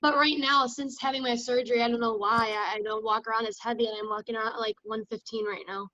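A woman's voice: a little high, fairly even intonation, fast, pushed and bright, lo-fi sound. A woman in her twenties, a fighter guest on a casual chat, matter-of-fact in tone. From Scottish family. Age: 20s.

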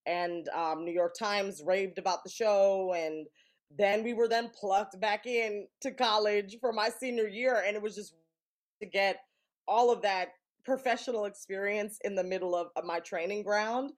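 Animated woman telling stories with laughs. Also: medium pitch, unhurried. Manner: animated, laughs often, acts out quotes. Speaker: guest actor. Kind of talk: casual interview storytelling.

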